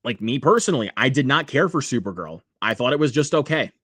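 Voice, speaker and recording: A man's voice: mid-range voice, animated, quick pace, a bit bright, slightly rough, no echo, studio quality. A man hosting a casual livestream, rambling with many fillers and reading viewer comments aloud. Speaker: livestream host.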